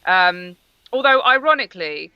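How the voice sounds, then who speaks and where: A woman's voice: on the low side, lively intonation, moderate pace, clean tone, no room sound, highs cut off. A woman from Northern Ireland answering interview questions as a guest, speaking earnestly and with emphasis.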